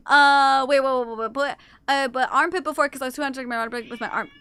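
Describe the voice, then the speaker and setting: A woman streamer with a high, bright voice chats casually with her viewers and slips into cooing baby talk for her cats. The recording is dry and close, with no room sound. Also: fast, smooth, no room sound. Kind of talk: casual live-stream chat.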